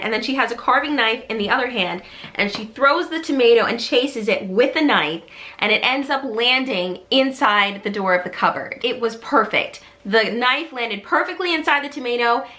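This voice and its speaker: Brief: woman, storytime host, fairly high voice, bright and forceful tone, lively delivery that dips into quoted voices. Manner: animated, acts out quotes with shifting pitch. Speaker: YouTuber retelling a movie. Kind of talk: casual storytime recap.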